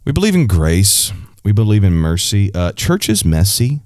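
A man's voice: fairly low pitch, sing-song, moderate pace, a little mellow, no echo, studio quality. A man hosting a Christian advice podcast, answering a listener's question in a conversational, preacherly way. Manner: conversational, preacherly, with frequent "you know" and restarts. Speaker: podcast host.

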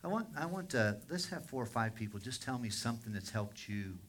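Bright-voiced pastor telling stories. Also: male voice, medium pitch, animated, fairly quick. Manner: conversational storytelling, with frequent restarts. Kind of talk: storytelling sermon.

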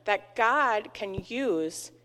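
A woman in her forties leading a church children's message, telling a story with a lively, questioning manner. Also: mid-range voice, very slow, soft background music. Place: church sanctuary. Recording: long church reverb.

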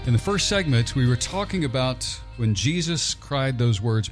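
A man co-hosting a radio show, asking the pastor questions in a lively, conversational way. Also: mid-range voice, normal speed, soft background music. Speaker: co-host.

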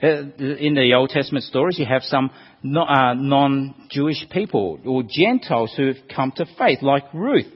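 A man preaching a sermon, animated, asking rhetorical questions. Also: mid-range voice, normal speed, breathy edge. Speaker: pastor. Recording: dull reverberant hall.

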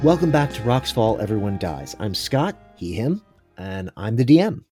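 A man running a tabletop game as game master, narrating in an animated, playful way. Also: on the low side, normal speed, faint music behind.

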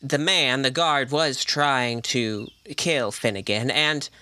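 A tabletop role-play player speaking in a measured, formal way. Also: medium pitch, sharp tone, dry recording. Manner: measured, formal phrasing in character.

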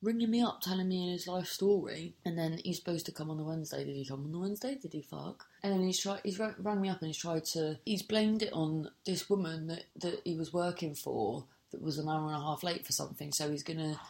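A woman's voice: low voice, brisk, vocal fry, few pauses, a little mellow. A woman telling a story in casual chat, exasperated and swearing freely, often cutting herself off mid-sentence.

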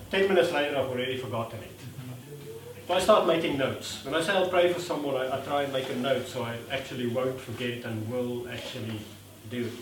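A man's voice: mid-range voice, fast, background noise. A man preaching a sermon in a conversational way, acting out quotes and laughing at himself as he speaks. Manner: conversational, acts out quotes with lively voices; self-deprecating, laughs at himself. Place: church hall. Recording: echoey room from a distance.

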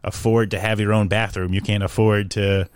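A man's voice: lowish voice, flat delivery, normal speed, smooth, no room sound, studio quality. A young man from the New York area, talking in a rambling, sarcastic way with lots of fillers in casual chat.

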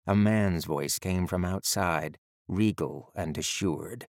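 A man narrating an audiobook in a steady, measured storytelling manner. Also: low-pitched, gravelly, no echo, studio quality.

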